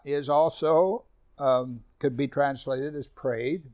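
A man's voice: fairly high pitch, unhurried, a little mellow. A middle-aged man preaching a conversational sermon, acting out little everyday scenes as he goes. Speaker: pastor.

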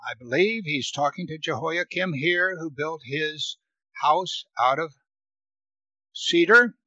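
Speaking at a slow pace, a man teaches a Bible passage verse by verse: he reads each verse forcefully, louder and higher, then comments, repeating words to emphasize them. The recording is muffled, with no echo.

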